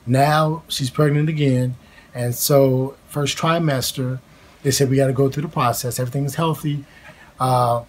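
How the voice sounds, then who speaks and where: A man in his thirties sharing a family story in a casual, heartfelt chat at home, halting with many fillers and restarts. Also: medium pitch, slightly rough.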